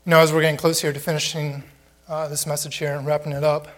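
Male preacher, sermon, slightly high voice, conversational, rhetorical questions. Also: flat delivery, quick pace, a bit bright. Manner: asks the congregation many rhetorical questions. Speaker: pastor.

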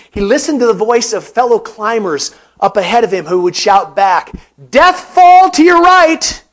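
A male pastor preaching a sermon, unhurried and emphatic, pausing often and repeating words for stress. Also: sits high.

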